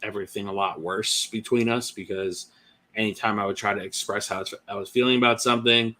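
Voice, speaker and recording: Male podcast guest, low pitch, sharp bright tone, candid testimony. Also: fairly even intonation, a little fast. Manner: candid storytelling with many fillers. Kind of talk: personal testimony.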